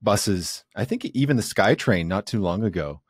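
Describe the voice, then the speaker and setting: A man's voice: fairly low pitch, lively intonation, normal speed, breathy edge, dry recording. A man from the Vancouver area co-hosting a podcast, making dry, laid-back remarks in casual chat. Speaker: podcast co-host.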